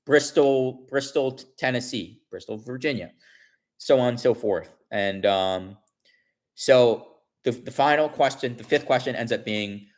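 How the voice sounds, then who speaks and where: A man in his forties chatting casually to his livestream viewers, rambling, restarting often and telling an animated story. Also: mid-range voice, a little slow. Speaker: livestream host.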